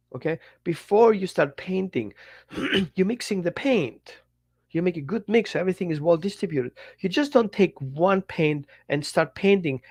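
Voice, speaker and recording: A dog trainer talking bluntly on a podcast, acting out little dialogues. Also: medium pitch. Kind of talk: podcast monologue.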